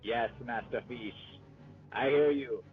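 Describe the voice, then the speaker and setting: A man voicing a gentle droid chef who speaks slowly and grandly with serene devotion. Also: medium pitch, narrow, tinny audio, faint music behind, natural voice. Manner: slow, flowery and serene.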